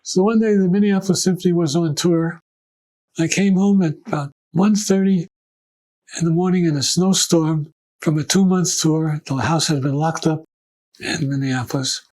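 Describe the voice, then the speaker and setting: A man's voice: fairly high pitch, normal speed, low-quality recording. An older man recalling his career in an oral history interview, acting out the voices of people in his stories. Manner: animated anecdotes, acting out quoted voices.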